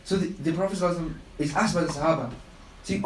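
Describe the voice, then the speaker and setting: A man with a high voice gives a religious talk live on the radio, telling his stories with passion and repeating phrases for emphasis. He sounds set back from the mic in an echoey room. A faint hiss sits under the voice. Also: racing, recorded from a distance. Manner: impassioned storytelling with emphatic repetition. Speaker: Islamic speaker on a radio show.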